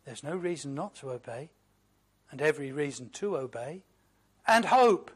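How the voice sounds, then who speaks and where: A man preaching a sermon, slow and emphatic, moving from loud declarations to hushed, reflective asides. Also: on the high side, animated, slightly rough. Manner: quotes hymn lines in a reflective voice.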